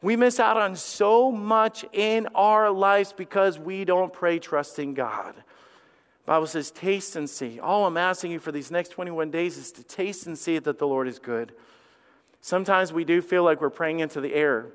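A man preaching a sermon as lead pastor, impassioned, swinging from hushed to loud and repeating phrases. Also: a little high, moderate pace.

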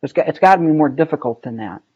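A man's voice: on the high side, lively intonation, fast, darkish tone, lo-fi sound. A man leading a casual Bible study, talking through the text conversationally and asking his group questions. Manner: conversational, asks the group questions, many ums and rights.

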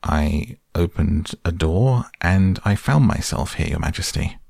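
Awkward meek schoolboy as a man reads him, stammering, husky, unhurried. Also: low voice, lively intonation, darkish tone, no echo, clean studio sound, full character voice. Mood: nervous.

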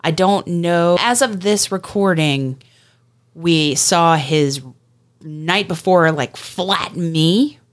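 A woman co-hosting a casual podcast, chatting and giving shout-outs to listeners. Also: fairly low pitch, slow. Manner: chatty, thanks and congratulates listeners. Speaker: podcast co-host.

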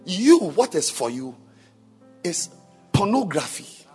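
Male preacher w a high voice that swings all over, shouting and sing-songing questions at the crowd, faint music behind. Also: sing-song, slow pace, breathy edge. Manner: rhetorical questions, shouting and sing-song emphasis; quizzes the congregation. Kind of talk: sermon. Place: church with congregation.

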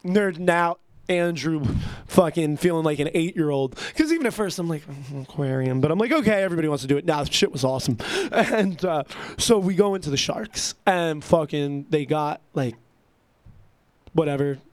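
Young dude, kinda high voice, swears nonstop, rambling vlog story into his computer mic. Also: normal speed, dry recording. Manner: profane, excitable storytelling. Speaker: vlogger. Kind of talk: casual rambling monologue. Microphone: computer mic at a keyboard.

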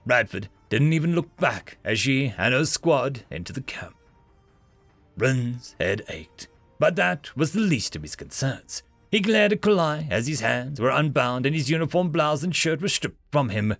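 A man's voice: medium pitch, big pitch swings, a little slow, gravelly, a bit bright, dry recording, faint music behind. A man narrating an audiobook expressively, giving each character a voice.

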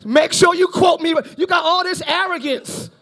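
A pastor preaching a live church sermon, animated and often shouting, with playful asides. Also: male voice, very high voice, moderate pace, gravelly. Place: large church, live service.

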